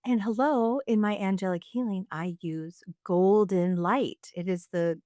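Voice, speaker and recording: A woman co-host spins a story in easy, casual talk, jumping into the voices of the people she quotes. Her pitch sits in a middle range and the sound is dry and close, with no room around it. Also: measured pace, no room sound. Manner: animated storyteller acting out quotes. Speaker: podcast co-host.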